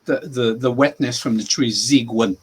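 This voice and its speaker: A man in his sixties, a language teacher on a podcast, patiently saying each word and repeating it slowly. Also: mid-range voice, husky. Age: 60s. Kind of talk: teaching words in a podcast chat.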